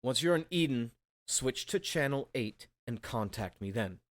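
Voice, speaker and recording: A man doing a brisk spymaster on a comms line. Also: mid-range voice, expressive, dry recording, lightly acted. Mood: businesslike. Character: male spymaster giving orders by magic stone.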